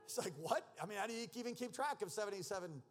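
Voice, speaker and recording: Animated and quick, a pastor alternates between loud, emphatic reading and low, intense asides while working casual slang into his sermon. Faint music plays in the background.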